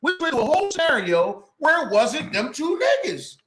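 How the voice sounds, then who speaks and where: A man's voice: very high-pitched, big pitch swings, fairly quick, pushed and bright. A man in a casual debate among friends, talking profanely, often cutting in and restarting his sentences.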